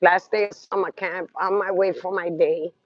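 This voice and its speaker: Congested high-voiced man on a phone live. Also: fairly even intonation, normal speed, no echo, muffled recording. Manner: rambling, talks to viewers, trails off. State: congested from sinus trouble. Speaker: live streamer. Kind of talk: casual rambling live stream. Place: outdoors walking a city street.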